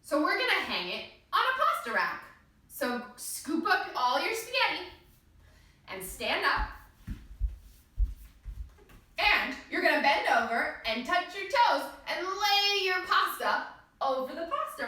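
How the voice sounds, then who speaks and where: A woman's voice: very high-pitched, big pitch swings, a little slow, pushed and bright. A woman teaching a kids yoga class through pretend play, in a playful, encouraging, sing-song way. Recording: echoey room, voice from a distance.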